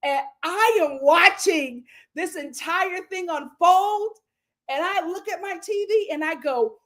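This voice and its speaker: An American woman hosts a reality show recap, telling it with animated, dramatic flair and frequent laughter. Her voice is very high, and she takes things slowly.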